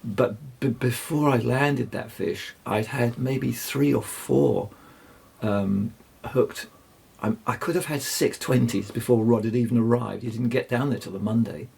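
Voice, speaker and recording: An older man, telling rambling fishing stories as a guest, halting and restarting often. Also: mid-range voice, darkish tone. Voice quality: gravelly, husky. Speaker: guest angler. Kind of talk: anecdotal storytelling.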